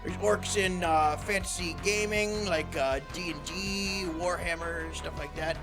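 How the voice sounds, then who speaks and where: A man co-hosting a comedic podcast, excitable and given to loud shouted bits. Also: sits high, a little slow, music in the background. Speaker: podcast co-host.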